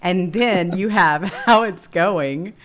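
A woman's voice: lowish voice, slow pace, fairly bright tone. A woman hosting a political talk show, reading quotes aloud and commenting dryly and sarcastically. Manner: dry, sarcastic.

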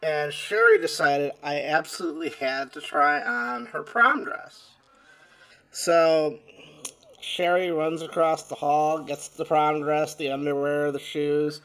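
A man's voice: fairly high pitch, takes it slowly, vocal fry, bright, forceful tone. A middle-aged man reading a first-person story aloud in a plain-spoken way, with small fillers and restarts. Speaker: story reader.

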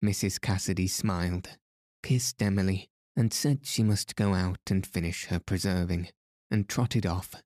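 A man narrating a novel calmly and soothingly as a bedtime story for sleep. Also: low voice, dry recording, studio quality. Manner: soft, soothing, unhurried. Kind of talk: calm audiobook reading for sleep.

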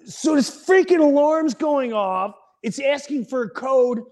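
A middle-aged man hosting a podcast, telling a comic story in a casual, animated way and acting out the other people in it. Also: very high voice, measured pace. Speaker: podcast host.

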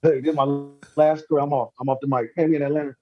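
A man, a former pro basketball player, telling stories in a relaxed, slangy way and laughing often. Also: a little high, very fast, slightly rough, muffled recording. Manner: laid-back, slangy, laughing storyteller. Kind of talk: casual storytelling chat.

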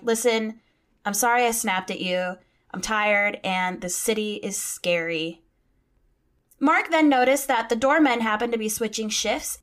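A woman's voice: fairly high pitch, a bit bright. A woman hosting a podcast, telling a true-crime story in a chatty way, swearing casually and reading out quotes. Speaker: podcast host.

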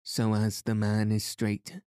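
A man's voice: lowish voice, monotone, slow pace, dark tone, clean tone, no room sound, clean studio sound. A man reading the lines of an outspoken, spirited young noblewoman.

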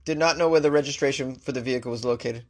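A male talk show host reading out odd news stories and mocking them sarcastically, with big jumps in pitch. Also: rapid-fire. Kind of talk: comic news commentary.

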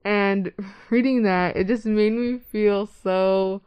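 Young woman, soft and near tears. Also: mid-range voice, steady tone, takes it slowly, clean tone, muffled recording. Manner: soft-spoken, self-doubting, near tears. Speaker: podcast co-host. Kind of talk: casual heartfelt chat.

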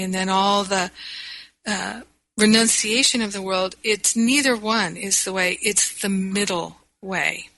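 A woman giving a reflective spiritual talk as a teacher, speaking gently with restarts and quoting inner self-talk. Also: medium pitch, no echo, rough recording.

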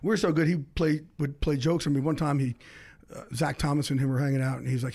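A middle-aged man, a sports insider, telling a story as a podcast guest with fast, excitable delivery, acting out the other people in it. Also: medium pitch. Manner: fast, excitable, acts out quoted voices. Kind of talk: animated storytelling.

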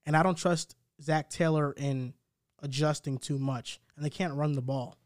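A man with a slightly higher-than-usual voice talks football on a podcast, building his case step by step in a relaxed, analytical way. His voice is close and dry, with no room sound. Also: normal speed, no room sound. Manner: analytical, steady, building arguments point by point. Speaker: podcast co-host. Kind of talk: casual sports talk.

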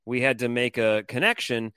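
A man telling a story on a podcast in a casual, animated, profane and rambling way. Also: mid-range voice, moderate pace, clear, resonant tone, no room sound, clean studio sound. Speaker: co-host.

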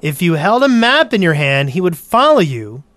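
A man's voice: sits high, sing-song, normal speed, fairly bright tone, no echo. A man co-hosting a casual podcast chat in a laid-back way. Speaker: podcast co-host.

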